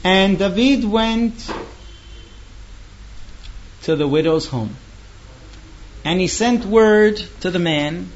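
High-voiced male storyteller, dramatic. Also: slight background noise. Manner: lively, dramatic pauses. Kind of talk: oral storytelling. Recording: dull lo-fi recording.

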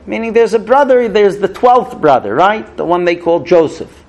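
A man's voice: high voice, expressive, moderate pace, darkish tone. Chatty man teaching a Torah story. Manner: chatty, many fillers and check-ins with listeners. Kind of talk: casual storytelling lesson.

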